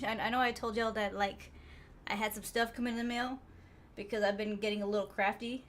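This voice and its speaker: A woman streamer, chatting casually and laughing with her live chat viewers, a little out of breath. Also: a little high. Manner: laid-back, chatty, laughs often, trails off with fillers.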